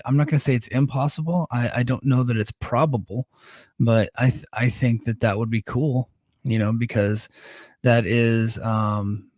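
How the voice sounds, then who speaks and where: A man's voice: fairly low pitch, a little mellow, dry recording. A man hosting a podcast, recapping a wrestling show in a casual, rambling way, full of ums and restarts. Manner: rambling and self-correcting, with many ums and restarts. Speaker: podcast host.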